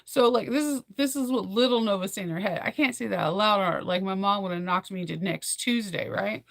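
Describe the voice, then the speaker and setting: A young woman in casual chat, rambling and animated as she recaps a film, full of fillers and laughs. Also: mid-range voice, fairly quick, creaky, no room sound, clean studio sound. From United States.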